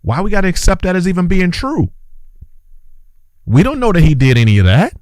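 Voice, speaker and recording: A man's voice: high-pitched, wildly swooping pitch, a little fast, darkish tone, no room sound. A man hosting an impassioned opinion monologue, preachy and urgent, repeating his phrases for emphasis and calling his listeners brothers and sisters. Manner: urgent, exclaiming. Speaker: host and commentator.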